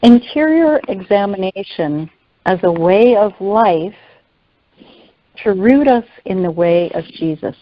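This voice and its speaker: A woman reading a devotional teaching aloud in an earnest, measured way. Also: medium pitch, animated, dry recording, muffled recording. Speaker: teacher on a faith call.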